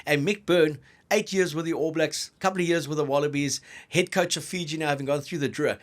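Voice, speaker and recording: A man co-hosting a rugby podcast, bantering in an animated, jokey way and laughing often. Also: fairly high pitch, a little fast. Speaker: rugby pundit co-host.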